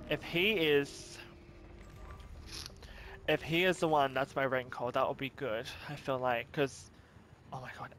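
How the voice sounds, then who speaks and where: A man's voice: medium pitch, a bit bright, slight background noise. A man commenting on his own gameplay, nervous and swearing, repeating himself and giving himself pep talks. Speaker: gaming streamer.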